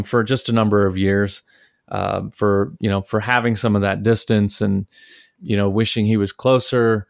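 A man from Detroit, Michigan, USA, a podcast host and father, tells family stories in a loose, rambling way, full of fillers and restarts. His voice is lowish with vocal fry, and the clean studio recording has no room sound. It's a casual storytelling chat.

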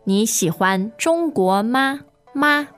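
A woman teaching a language lesson on a podcast, modelling each word slowly and repeating it. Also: fairly high pitch, expressive, fairly bright tone, faint music behind.

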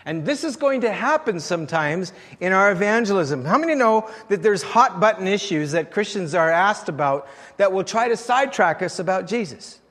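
A man's voice: sits high, a bit bright, in a large hall. A male pastor preaching a sermon in a conversational, storytelling way, often chuckling.

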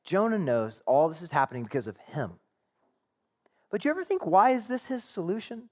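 A man's voice: high voice, big pitch swings, fairly quick. A man preaching a sermon in a conversational way, acting out quotes and asking the congregation rhetorical questions. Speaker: pastor.

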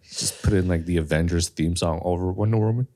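A man's voice: deep voice, a little fast, warm tone. A man co-hosting a podcast in casual chat, joking and laughing often. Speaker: podcast co-host.

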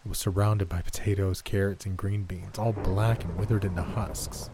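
A man reading a horror story aloud in a slow, tense, dramatic way. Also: low voice, fairly even intonation, noisy background. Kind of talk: scripted narration.

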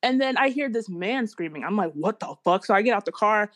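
A woman in casual podcast chat, telling a story in slangy, animated talk. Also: medium pitch, fast.

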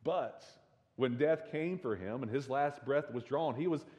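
A man's voice: medium pitch, a little slow, warm tone, in a large hall. A man with a Southern drawl preaching a sermon as pastor, earnest and building in force, with many restarts. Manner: earnest, repeats words when restarting, rises in force at climaxes.

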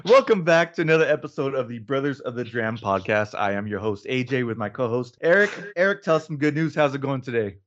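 A relaxed man hosting a podcast, joking easily with his co-host. His voice sits at an ordinary pitch. The recording sounds a little dull and lo-fi. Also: fast, few pauses. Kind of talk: casual chat.

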